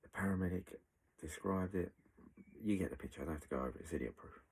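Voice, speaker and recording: A man's voice: low voice, fast talker, slightly rough, poor audio. A man bluntly retelling events, acting out what people said and swearing freely. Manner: blunt, animated retelling with acted quotes and swearing. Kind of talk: storytelling recollection.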